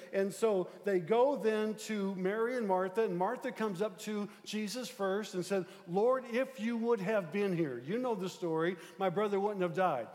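High-voiced man preaching in a hall. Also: a little mellow. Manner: conversational preaching with frequent fillers and check-ins. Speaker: pastor. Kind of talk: sermon. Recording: long hall reverb.

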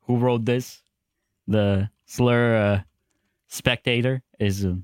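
A man's voice: medium pitch, fairly even intonation, takes it slowly, smooth, no room sound, clean studio sound. A man co-hosting a podcast in casual group banter, rambling with restarts. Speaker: podcast co-host.

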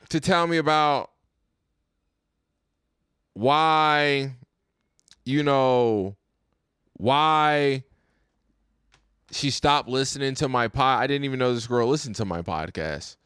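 A man's voice: medium pitch, expressive, takes it slowly, long pauses, a bit bright, clear, resonant tone, no echo, clean studio sound. A young man hosting his own podcast, ranting casually and profanely, often repeating himself. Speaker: podcast host. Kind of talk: casual rant.

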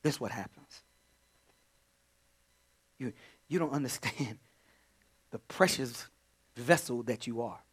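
A male pastor delivering a sermon, dropping to hushed whispers and then rising to shouted cries of praise. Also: medium pitch, slow, long pauses, slightly rough. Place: church sanctuary.

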